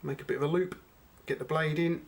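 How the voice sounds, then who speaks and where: A man's voice: on the high side, steady tone, fairly quick. A middle-aged man, chatting unhurriedly to viewers as he reviews a knife. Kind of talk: casual product review.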